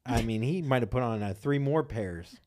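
A man's voice: mid-range voice, lively intonation, normal speed, a little mellow. A man co-hosting a podcast, talking in crude, laid-back, joking banter. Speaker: podcast co-host.

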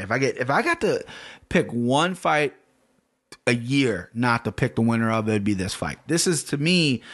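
Male solo podcast host, casual fight-pick rundown, mid-pitched, loose and profane, lots of restarts. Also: a bit bright. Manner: rambling, profane, self-correcting, off the cuff.

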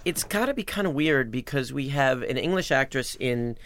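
A man's voice: mid-range voice, expressive, normal speed, noisy background. A man co-hosting a podcast in casual, conversational interview chat. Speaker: podcast host. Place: Los Angeles studio.

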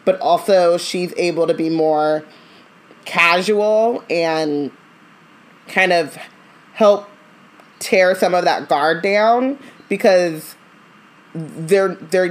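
Animated woman from Southern California. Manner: animated, ranting, jumps into high mock voices. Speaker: podcast co-host. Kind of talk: casual chat.

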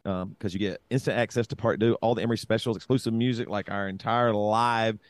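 A man's voice: lowish voice, fairly even intonation, a little fast, no room sound. Chatty, laughing male podcast host. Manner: laughs often, loose and chatty. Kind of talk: casual banter.

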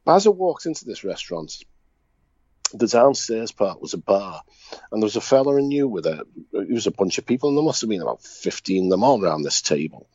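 A man's voice: fairly low pitch, sing-song, a little fast, a little mellow, husky, no echo, muffled recording. A man with a Liverpool Scouse accent telling anecdotes in casual chat, blunt and chuckling as he talks. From Liverpool, England. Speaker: podcast co-host.

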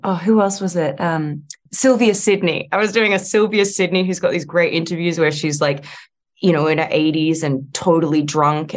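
Low-voiced Australian woman, chatty. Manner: chatty, lots of likes and restarts, animated. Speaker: actress guest. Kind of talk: casual interview chat.

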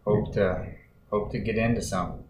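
A man's voice: lowish voice, steady tone, a little slow, darkish tone. Laid-back man in an echoey room. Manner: laid-back, rambling with fillers. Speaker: podcast co-host. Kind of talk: casual chat. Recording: roomy echo, faint noise.

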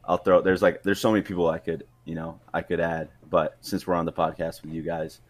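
A man's voice: low voice, flat delivery, a little fast. A young man in his twenties, a coast guard officer and podcast guest, talking in a hesitant, filler-heavy, profane way. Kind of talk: casual chat.

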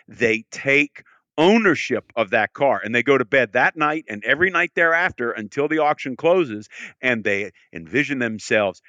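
A man's voice: medium pitch, lively intonation, normal speed, sharp tone, no room sound, dull audio. A man talking about car auctions as a podcast guest, enthusiastic and often repeating words as he starts his sentences. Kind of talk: casual podcast conversation.

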